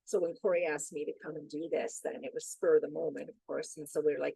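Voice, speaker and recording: A middle-aged woman talking casually as a podcast guest, chatty and animated, laughing often. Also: low voice, fast, gravelly, husky, no room sound, poor audio. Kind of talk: casual chat.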